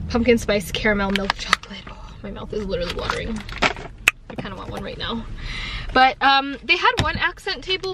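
A woman's voice: fairly high pitch, noisy background. A woman in her twenties with a Canadian accent, chatting casually to camera at home for her vlog, full of giggles and "like" fillers. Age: 20s. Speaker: vlogger. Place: at home in an apartment.

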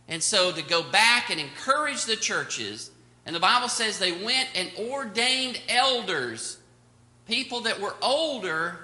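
An older man teaching Sunday school in a church room, his high voice ringing bright and sharp. He tells stories in a meandering way with many ums and uhs, and the room adds a strong echo. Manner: rambling storytelling with many fillers. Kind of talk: anecdotal Bible lesson. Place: church classroom. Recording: echoey room.

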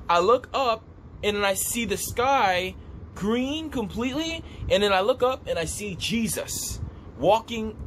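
A man telling a vivid dream story in a casual, animated way, repeating himself as he describes what he saw. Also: high-pitched, slight background noise. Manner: animated, repetitive, gestures while describing. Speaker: vlogger recounting a dream.

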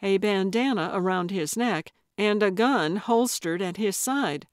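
Woman narrator, scripted audiobook reading, measured, slow, close mic, dry sound. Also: medium pitch, no echo.

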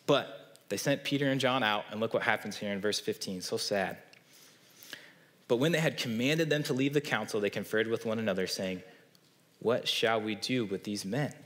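In a church sanctuary, a Midwestern American pastor delivers a sermon in a voice on the low side with a fairly bright tone. His style is earnest and conversational, and he keeps asking "right?" to check in.

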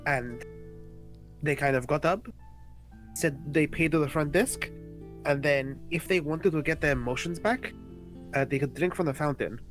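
Casual male player, higher voice, light music underneath. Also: moderate pace, pauses often, fairly bright tone. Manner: casual, hesitant, filler-heavy. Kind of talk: tabletop game chat.

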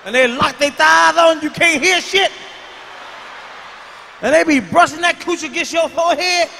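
A man doing a profane stand-up routine, dropping from mumbled asides to shouted punchlines, in a large live venue. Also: very high voice, normal speed, gravelly. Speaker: stand-up comedian. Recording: long hall reverb, faint noise.

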